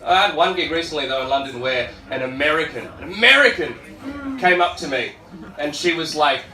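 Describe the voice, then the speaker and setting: A man's voice: on the high side, brisk, sharp tone. A young Australian man in his twenties doing a brash, sweary stand-up set with laughing asides. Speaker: stand-up comedian. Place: comedy club stage. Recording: echoey club from far off.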